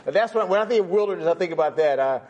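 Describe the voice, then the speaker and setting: A man's voice: high voice, lively intonation, rapid-fire, a little mellow, dull audio. A middle-aged man teaching a Bible lesson in a plain, folksy way, repeating phrases for stress and putting questions to his class. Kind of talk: conversational sermon with class questions.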